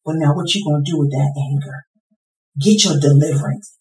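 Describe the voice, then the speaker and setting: A middle-aged woman preaching a sermon with passion, swinging from quiet to shouting. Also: deep voice, a little fast. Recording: echoey hall from far off.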